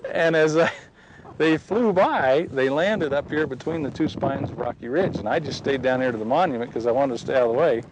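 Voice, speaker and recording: A man's voice: medium pitch, quick pace, few pauses, noisy background. Folksy man telling a story outdoors. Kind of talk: personal testimony told outdoors.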